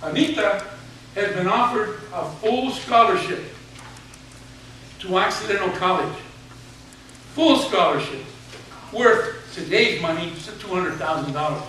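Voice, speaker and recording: A man in his seventies with a high voice spins a humorous, folksy story for a room full of students. He sounds far from the mic in a very echoey hall. Clear background noise sits under his voice. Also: expressive, unhurried, long pauses, sharp tone. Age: 70s. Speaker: retired teacher giving a speech. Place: large hall with an audience.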